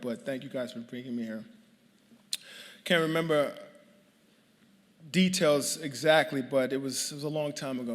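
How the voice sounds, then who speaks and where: Man, late 30s, from New York, hall of fame acceptance speech, humorous and rambling, lots of fillers, long hall reverb. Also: medium pitch. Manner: humorous, chatty, many fillers and restarts.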